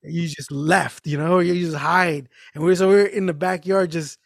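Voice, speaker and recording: A middle-aged man spinning a loose, profane story in a relaxed podcast chat, slipping into the voices of the people he quotes. His voice sits a little higher than most men's. The sound is dry and close, with no room in it. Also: normal speed, vocal fry, dry recording. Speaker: podcast co-host.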